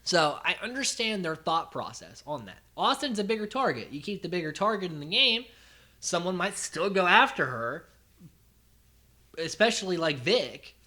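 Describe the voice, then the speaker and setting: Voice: medium pitch, very animated, normal speed, sharp tone. A podcast host recapping a reality show in a rambling, chatty way, full of "like" and casual swearing.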